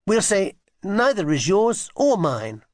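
A man's voice: high-pitched, sing-song, slow pace, dry recording, studio quality, voice pushed up, heavily acted. A man doing a cheeky young boy. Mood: earnest. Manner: boisterous, then grown-up and sensible.

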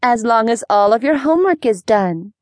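A woman voicing a relaxed, agreeable mother who sets a practical condition. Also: on the high side, normal speed, no echo, studio quality, lightly acted. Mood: easygoing.

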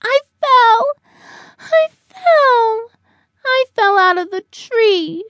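A woman voicing a timid little boy bird chick in a children's storybook, high, squealing and excitable. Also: very slow, no echo, full character voice. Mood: frightened.

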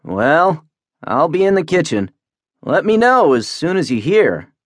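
A male narrator playing a brisk, curious ship's cook with a raised voice. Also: on the high side, very animated, dry recording, clean studio sound, pitched above the performer's own voice.

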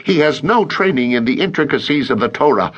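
A man's voice: medium pitch, animated, a little fast, a bit bright, muffled recording, pitched above the performer's own voice. A man voicing a cold, scornful male Pharisee councilman in an audiobook, icy and contemptuous.

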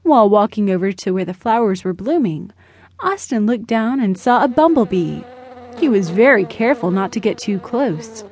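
A woman narrating a children's storybook in a gentle, measured way, close to the mic. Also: medium pitch, lively intonation. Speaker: audiobook narrator.

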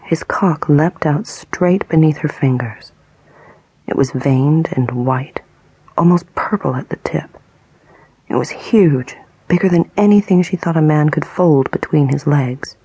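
A woman narrates an audiobook in a breathy, husky whisper. She reads slowly and intimately, with a gravelly texture. The recording is close and dry. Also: low voice, no room sound, poor audio. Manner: slow, hushed, intimate.

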